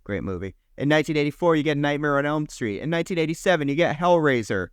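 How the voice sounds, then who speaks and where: A man's voice: fairly high pitch, expressive, clean tone, no echo, studio quality. A young man co-hosting a podcast, eagerly running through film history year by year and swearing casually. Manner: enthusiastic, listing years in quick bursts, swears casually. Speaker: podcast co-host.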